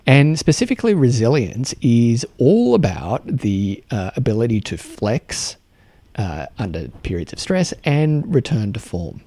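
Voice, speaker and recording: A man with an Australian accent hosting a solo podcast, talking earnestly and haltingly with many restarts and repeated words. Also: mid-range voice, sing-song, dark tone, dry recording. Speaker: podcast host.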